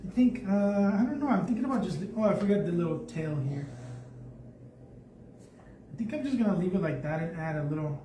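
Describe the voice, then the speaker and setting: A man's voice: high voice, animated, fairly quick, pauses often. A man leading a live painting tutorial, chatty and thinking aloud as he paints. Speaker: art instructor. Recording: echoey room, mic at a distance, faint background noise.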